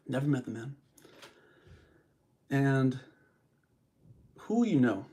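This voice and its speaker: On a studio mic, a young man with a dark-toned, mid-range voice hosts a live-streamed podcast. He rambles through a casual motivational monologue, repeating phrases and chatting with his viewers.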